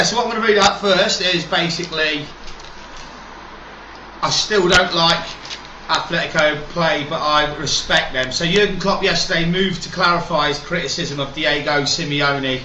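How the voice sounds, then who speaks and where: A man's voice: a little high, pushed and bright, slight background noise. A man hosting a football channel, chatting casually with rambling asides and reading from the newspaper. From Liverpool, England. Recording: roomy echo, faint background ambience.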